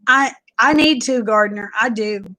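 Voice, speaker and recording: A woman, chatting casually with viewers on a livestream, folksy and quick to laugh. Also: on the high side, bright, forceful tone, rough recording. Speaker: livestream host.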